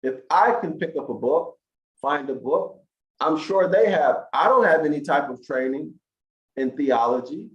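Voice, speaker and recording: Slow, emphatic man lecturing in an echoey room. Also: a little high, animated, fairly bright tone. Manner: preachy, slow and emphatic, asks the listeners questions. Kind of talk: lecture to an online audience. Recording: echoey room, dull lo-fi sound.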